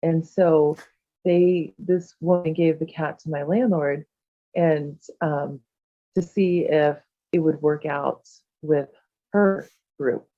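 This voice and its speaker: A woman, a podcast guest who heals and talks with animals, speaking softly and haltingly with lots of fillers. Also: deep voice, fairly even intonation, dry recording, phone-quality sound. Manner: soft, halting, many fillers and "like". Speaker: guest, shamanic healer and animal communicator. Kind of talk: casual chat.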